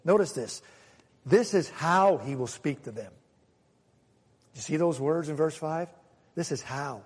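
Preaching at an unhurried pace with long pauses, a high-voiced pastor sounds lively and animated, with a breathy edge, occasionally performing quoted voices. The large hall gives his voice a long reverb.

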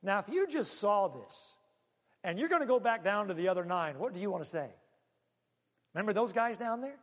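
A man preaches a sermon with an animated delivery, swinging between loud bursts and quiet, hushed asides. His voice sits high for a man. The sound carries the long reverb of a large hall. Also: fairly quick. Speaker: pastor.

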